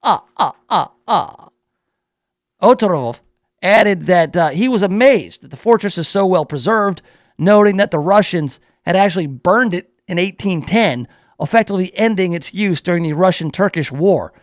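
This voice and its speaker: A man's voice: high voice, lively intonation, moderate pace, dry recording. A male radio talk show host reading a news story aloud in a playful, riffing way, drawing out words for emphasis in his studio.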